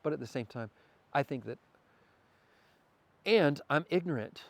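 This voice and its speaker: A man's voice: mid-range voice, expressive, a little slow, gravelly, dry recording. A man talking as a podcast guest, earnest and spiritual in manner, sometimes stammering as he thinks aloud. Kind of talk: casual conversation.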